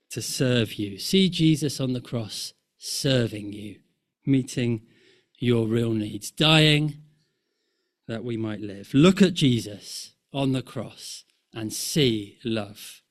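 A man preaching a sermon, rhythmic and impassioned, rising in force and falling to a hush. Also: mid-range voice. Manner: slow, rhythmic, swelling and dropping to near-hush.

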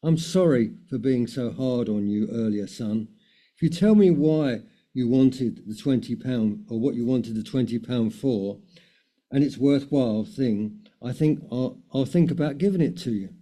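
A man's voice: mid-range voice, unhurried, dark tone, natural voice. A man reading as a stern businessman father. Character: tired businessman father, stern then gentle.

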